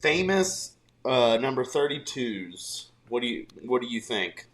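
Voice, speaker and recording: A man's voice: medium pitch, sing-song, measured pace, fairly bright tone. Male podcast co-host, casual and rambling, mid-range voice. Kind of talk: casual chat.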